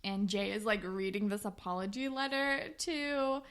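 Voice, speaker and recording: A woman's voice: mid-range voice, normal speed, fairly bright tone, smooth. A young woman co-hosting a podcast, casually recapping a TV episode and acting out the characters' lines. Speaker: podcast co-host.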